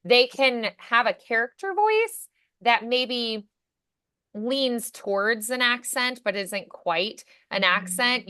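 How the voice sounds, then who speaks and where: A woman's voice: mid-range voice, bright, forceful tone, no echo, clean studio sound. An American woman coaching voiceover in a casual chat, telling stories and acting out the voices of people she quotes. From United States. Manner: chatty storyteller, acts out quoted voices.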